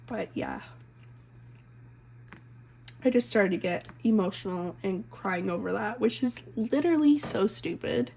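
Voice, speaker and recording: Rambling young woman with vocal fry. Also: fairly high pitch, darkish tone, a little hiss or hum. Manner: rambling, heavy use of "like" and "um", self-interrupting. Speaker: coloring channel host, stay-at-home mom. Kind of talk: casual confessional chat while coloring.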